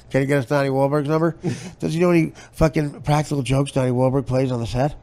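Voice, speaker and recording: Sarcastic guy roasting his guest on a podcast, kinda raspy fry in the voice, studio mic. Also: mid-range voice, steady tone, a little fast, a little mellow. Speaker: podcast host. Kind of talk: comedic podcast banter.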